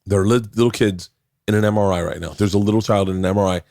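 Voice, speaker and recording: Podcast guest, man, 40s, low voice, loose rambling talker, dry close mic. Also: fairly even intonation, quick pace, a little mellow, dry recording. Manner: rambling, restarts often, swears. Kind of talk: casual chat.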